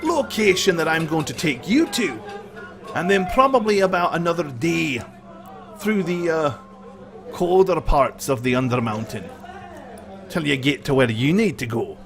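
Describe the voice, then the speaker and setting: A man's voice: fairly high pitch, lively intonation, moderate pace, over music, pitched above the performer's own voice. A man voicing a blunt male dwarf who guides the party, in a raised, bouncy voice.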